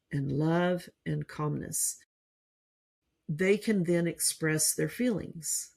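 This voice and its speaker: A woman hosting a faith-based parenting podcast, talking in a calm, earnest teaching manner and working through her points one by one. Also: sits low, vocal fry, breathy edge. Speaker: podcast host.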